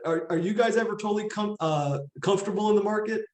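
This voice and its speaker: A fairly high-voiced man talks through the week ahead in a loose, rambling way, circling back and restarting his sentences. He grew up in Las Vegas, and his voice rings in a roomy, echoey space. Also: fast talker. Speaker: co-host. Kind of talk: casual market chat.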